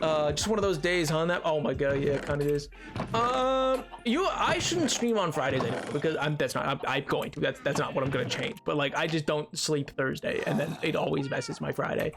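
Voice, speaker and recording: A man's voice: a little high, expressive, a little fast, vocal fry. A young man streaming a game, chatting casually in a goofy, rambling way. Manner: goofy, rambling, breaks into silly noises and sings along. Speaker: Minecraft streamer. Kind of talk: casual live-stream chat. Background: music playing.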